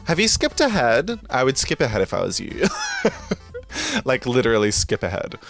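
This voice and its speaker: Gushing man, lively pitch. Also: moderate pace, faint music behind. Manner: chatty, rambling, gushing, giggly. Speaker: gaming video host. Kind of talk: casual voice-over over gameplay.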